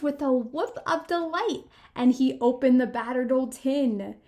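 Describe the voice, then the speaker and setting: A woman's voice: high-pitched, unhurried. A woman librarian reading a storybook aloud to children and talking to them directly. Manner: animated, addressing kids directly.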